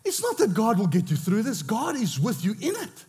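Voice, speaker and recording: A male pastor with an Australian accent preaching a sermon, swinging between loud exclamations and hushed, intense moments. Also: high voice, wildly swooping pitch, normal speed.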